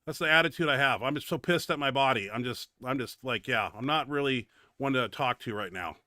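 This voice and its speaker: In a sharp, mid-range voice, a man talks fairly quickly over a dry, studio-quality recording. He runs a bench press show and comments on his training footage casually, bluntly, and profanely, grumbling about his own setback.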